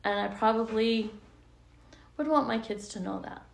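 Hesitant older woman, gravelly voice. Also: on the high side, moderate pace, reverberant. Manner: thoughtful, hesitant with many ums. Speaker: podcast guest. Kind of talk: casual interview chat.

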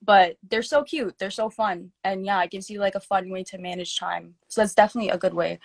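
A woman's voice: medium pitch, a little fast, no room sound. Young woman podcast cohost, chatty, says like a lot, dry close sound. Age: young adult. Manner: chatty, lots of "like" fillers. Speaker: podcast co-host. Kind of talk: casual chat.

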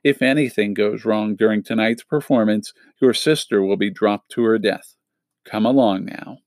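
A man's voice: lowish voice, normal speed, darkish tone, no room sound, natural voice. A man reading aloud, voicing a scheming, commanding villainous count from a storybook. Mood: menacing.

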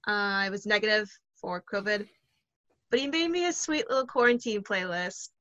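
A woman's voice: mid-range voice, normal speed, pushed and bright, no echo, highs cut off. A woman in her twenties co-hosting a podcast in casual chat, upbeat and enthusiastic, recorded at home. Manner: upbeat, enthusiastic, laughs often. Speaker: podcast co-host.

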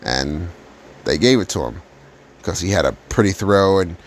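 A man's voice: deep voice, expressive, moderate pace. A man telling a personal story about his past in a casual, blunt and profane way.

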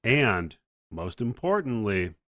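Low-voiced man recapping a movie. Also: takes it slowly, no echo, clean studio sound. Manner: relaxed storytelling, acts out quotes. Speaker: podcast co-host. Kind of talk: casual plot recap.

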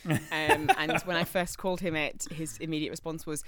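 A woman's voice: low voice, fairly even intonation, moderate pace, fairly bright tone. A young woman co-hosting a podcast, playful and teasing, laughing often. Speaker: podcast co-host. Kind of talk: casual podcast chat.

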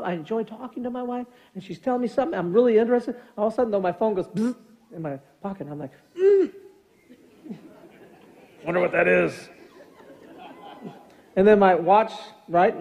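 A man's voice: sits high, a little mellow. A man in his fifties, a pastor giving a conversational, jokey sermon in a church, acting out little scenes with funny voices. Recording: muffled lo-fi sound.

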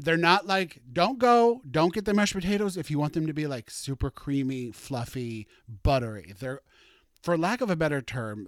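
A man hosting a solo podcast, chatty and campy, with animated asides and gushing. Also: on the high side, no room sound, studio quality. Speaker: podcast host.

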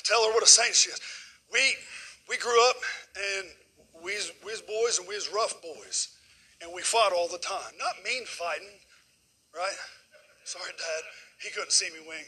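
A middle-aged man preaching a sermon in a folksy storytelling way, using casual dialect grammar and swinging from loud passages to hushed ones. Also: high-pitched, breathy edge, low-quality recording. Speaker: guest preacher.

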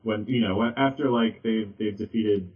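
A low-voiced man speaks haltingly on a casual podcast, full of ums and restarts. He sits a little back from the mic, and the audio is dull and lo-fi. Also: distant mic. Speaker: podcast guest.

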